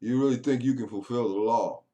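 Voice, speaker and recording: A man preaching a sermon, swinging between loud raised lines and low murmured passages. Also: a little fast. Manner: preaching with rising chanted bursts and low murmured stretches.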